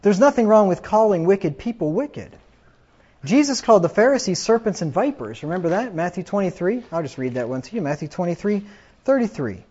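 A man preaching a sermon, quoting scripture emphatically and getting louder on the quotes. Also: high voice, big pitch swings, a little fast, husky. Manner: emphatic, rises loud when quoting scripture. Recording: dull lo-fi recording.

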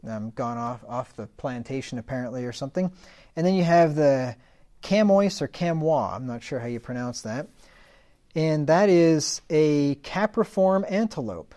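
A man's voice: mid-range voice, a little mellow. Man teaching the Bible informally. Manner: reads scripture slowly, then explains in a loose conversational way with asides.

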